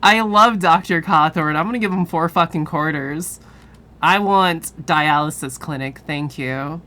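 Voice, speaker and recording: A woman's voice: low-pitched, measured pace, a bit bright. A woman streamer chatting casually, swearing freely and laughing often. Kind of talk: casual live-stream chat.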